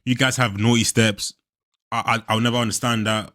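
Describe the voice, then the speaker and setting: A young man hosting a movie reaction, animated and profane, laughing often as he talks. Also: medium pitch, normal speed, slight background noise. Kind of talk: casual reaction commentary.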